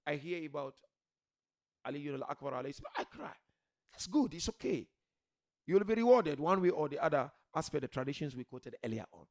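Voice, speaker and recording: A man preaching with a fairly high, gravelly voice that rises and falls widely. He swings from soft, pleading lines to loud shouted emphasis and keeps asking his listeners rhetorical questions. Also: sing-song, brisk. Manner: rhetorical questions, repeats key words. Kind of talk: sermon.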